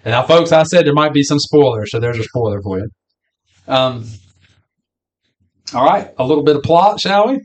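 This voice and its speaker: A man's voice: fairly high pitch, lively intonation, moderate pace, pauses often. A man co-hosting a podcast, chatting casually about a film and acting out some of its lines. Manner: chatty, acts out movie lines. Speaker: podcast co-host.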